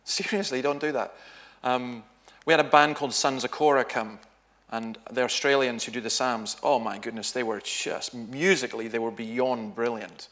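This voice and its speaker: A middle-aged minister speaks in a church, telling stories with lively shifts of voice. He acts out the people in his anecdotes as he goes. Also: medium pitch, moderate pace. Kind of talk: sermon talk with anecdotes.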